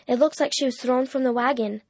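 A woman voicing a concerned man who leads a wagon train in a storybook reading, speaking gravely and plainly. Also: high voice, steady tone, fairly quick, no echo.

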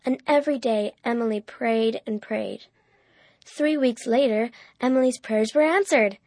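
Fairly high, dry-voiced woman storyteller. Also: unhurried, a little mellow, dry recording. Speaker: narrator. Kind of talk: storybook reading.

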